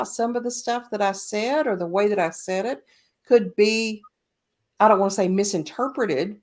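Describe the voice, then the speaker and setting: A woman's voice: medium pitch, a little mellow. Woman, podcast host, casual spiritual talk, storytelling, emphatic, varied pace. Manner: storytelling, speeds up and slows down, emphatic.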